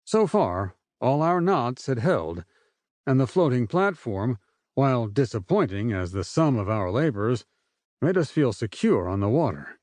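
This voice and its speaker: A man reads a first-person adventure novel aloud, his pace unhurried and measured. His voice sits at an everyday pitch. The recording is dry and close-miked, with no room sound. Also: very animated, a little mellow, dry recording. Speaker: audiobook narrator. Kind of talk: first-person scripted narration.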